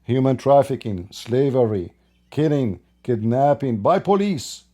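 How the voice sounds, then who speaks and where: Guy ranting in a commentary video, scornful, keeps asking rhetorical questions, low mellow tone. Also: expressive, measured pace. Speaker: online commentator. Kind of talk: opinionated commentary monologue.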